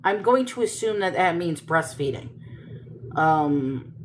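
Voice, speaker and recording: A woman reading Bible passages slowly and stopping to question and comment on them in casual talk. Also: lowish voice, animated, a little hiss or hum. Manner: thinks aloud, questioning and self-correcting; reads scripture slowly and deliberately.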